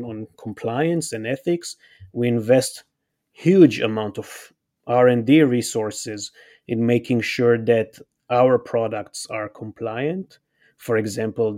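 A man's voice: mid-range voice, darkish tone. Earnest man making his case. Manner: earnest, persuasive explaining with direct appeals. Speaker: company CEO, interview guest. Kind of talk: podcast interview answer.

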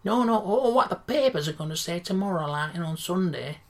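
A woman's voice: fairly low pitch, animated, fairly quick. Woman putting on a fumbling male football manager, rambling, hesitant, filler-heavy, comedy sketch. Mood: rousing. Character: flustered male football caretaker manager, modest.

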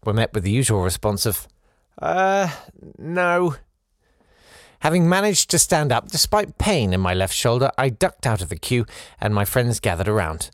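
Podcast host reading a listener's story, lively delivery with playful asides, dry close mic. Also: male voice, fairly low pitch, no room sound. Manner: animated, playful asides between read passages.

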